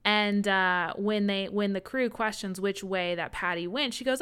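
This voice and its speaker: A woman co-hosts a casual podcast, retelling a book's plot with playful asides. Her voice is smooth and clear, mid-pitched, and she laughs easily between lines. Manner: animated retelling with quick quoted voices and frequent laughs. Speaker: podcast co-host. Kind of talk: casual book-club chat.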